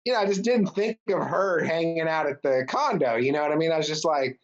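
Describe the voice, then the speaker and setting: A man's voice: a little high, fairly quick. A man chatting casually as a podcast guest, with a laid-back, rambling way of telling stories and plenty of swearing. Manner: laid-back, loose storytelling full of filler and swearing. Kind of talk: casual chat. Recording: slightly dull lo-fi sound.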